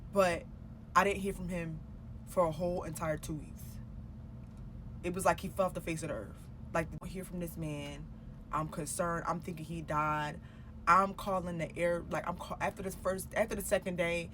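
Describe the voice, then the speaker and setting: A woman's voice: fairly low pitch, noisy background. A woman telling a personal story in a casual storytime vlog. She swears freely and acts out her own past dialogue as she goes. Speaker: storytime vlogger.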